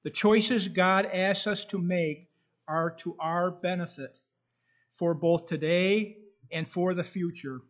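A man preaching a sermon in a slow, earnest way, reading scripture aloud, with a slight whistle from his tooth. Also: high-pitched, steady tone.

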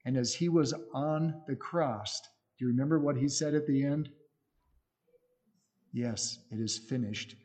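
A man's voice: on the high side, dark tone. A middle-aged man speaking as a missionary preacher, earnest and conversational, with frequent restarts. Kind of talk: sermon.

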